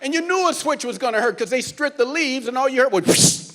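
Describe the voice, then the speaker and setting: High-voiced stand-up comedian on stage. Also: male voice, quick pace. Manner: animated storytelling, acting out family scenes. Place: cruise ship theater stage.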